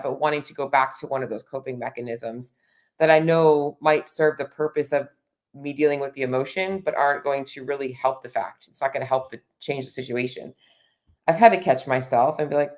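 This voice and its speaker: Low-voiced woman coaching in earnest. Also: darkish tone. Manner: earnest, repeats words while searching for them. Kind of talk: live-streamed coaching chat.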